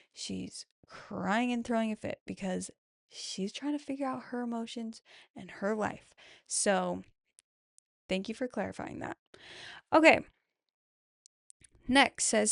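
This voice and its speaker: In a casual solo chat, a mom podcaster unhurriedly reads follower responses on motherhood, affirming each warmly and repeating "I love that". She speaks at a fairly high pitch with a gravelly, creaky quality, recorded close and dry without echo.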